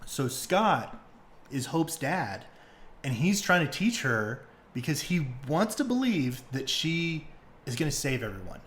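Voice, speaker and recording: A young man hosting a podcast, retelling stories in casual, excitable chat full of fillers and swearing. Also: fairly high pitch, a little slow, slight background noise. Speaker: podcast host.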